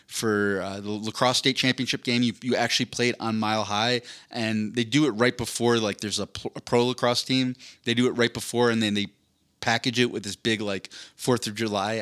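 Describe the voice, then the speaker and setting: A man's voice: medium pitch, fairly bright tone. Rambling man telling a story. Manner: rambling storyteller, lots of fillers and asides. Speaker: podcast co-host. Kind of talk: casual chat.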